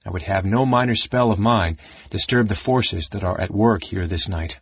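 A man voicing a stern older male mage who speaks softly, gravely and with command. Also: low-pitched, moderate pace, dry recording. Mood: hushed awe. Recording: dull lo-fi audiobook recording.

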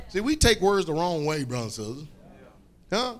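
A man preaching a fiery sermon, repeating phrases, calling for responses and breaking into shouts. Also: a little high.

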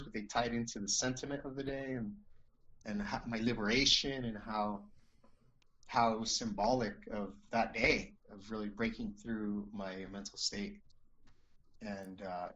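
A man's voice: on the low side, a bit bright, muffled recording. A man telling a personal story as an interview guest, earnest and rambling, with many restarts and "you know"s.

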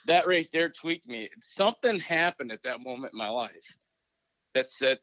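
This former Minnesota hockey coach has a fairly high voice, a slow pace, and frequent pauses. Chatting in a casual interview, he animatedly reenacts conversations from memory, caught on a dry, dull lo-fi recording.

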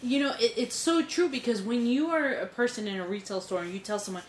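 A woman co-hosting a casual podcast chat, telling stories in an animated, indignant way with some swearing. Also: a little high, fast talker, echoey room, a little hiss or hum. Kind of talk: casual conversation.

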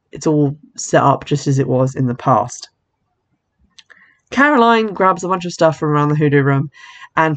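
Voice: medium pitch, gravelly. A host casually recapping a horror film's plot, chatty and wry, with frequent asides and self-corrections. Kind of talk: casual film recap narration.

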